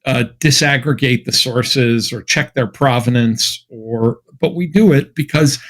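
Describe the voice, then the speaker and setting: In a podcast interview, a male academic from Massachusetts, USA, talks a little slowly in a mid-range voice with a fairly bright tone. His manner is chatty, wry and anecdotal, with plenty of fillers and restarts.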